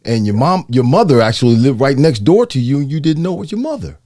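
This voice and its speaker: Man with a lively, swooping voice. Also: medium pitch, fast. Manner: conversational, asks curious follow-up questions. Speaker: host. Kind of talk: casual interview chat.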